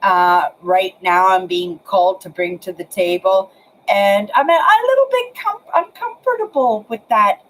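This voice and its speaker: Slow, rambling older woman vlogger. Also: medium pitch, animated, slight background noise, poor audio. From Canada. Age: 60s. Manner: rambling, repeats words, addresses viewers directly. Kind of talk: casual talk to camera. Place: apartment, indoors. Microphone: webcam.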